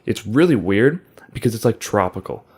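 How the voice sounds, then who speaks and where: Young guy podcast cohost, low-ish voice, tells stories, laughs a lot, swears. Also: expressive, normal speed, husky. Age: young adult. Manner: storytelling, laughs often, swears freely. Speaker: podcast co-host. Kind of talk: casual chat.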